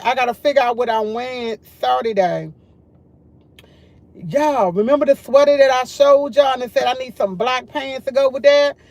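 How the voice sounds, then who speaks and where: A woman's voice: fairly high pitch, darkish tone. A woman hosting a casual morning livestream, chatting and rambling directly to her viewers. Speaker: livestream host.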